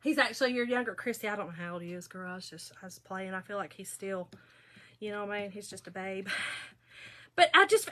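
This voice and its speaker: A woman's voice: mid-range voice, animated, brisk, bright, forceful tone. A middle-aged woman, chatting and telling stories to viewers while crafting. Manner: chatty, gossipy storytelling, addresses viewers. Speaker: craft video host. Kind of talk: casual chat while crafting.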